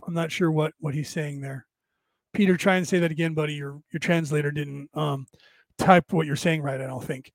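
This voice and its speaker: A man's voice: on the high side, brisk, gravelly, no echo. Rambling man, tired voice, dry sound. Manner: rambling, chuckling, searching for words. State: tiring, strained voice. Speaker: livestream host and minister. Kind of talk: casual livestream chat answering viewers.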